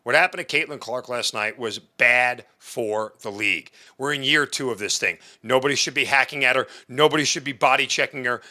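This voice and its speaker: A man's voice: medium pitch, sharp tone. Emphatic, indignant sports-talk man. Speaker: sports show panelist.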